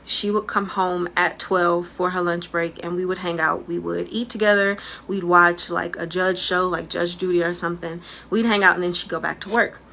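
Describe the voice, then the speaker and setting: A woman in a relaxed, chatty way telling a personal story to camera, with fillers like "like" and "um". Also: fairly low pitch, gravelly, slight background noise.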